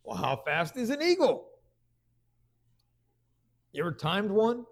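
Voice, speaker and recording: A man preaching a conversational sermon, stumbling over restarts and then rising into loud bursts of emphasis. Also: high-pitched, big pitch swings, slow pace.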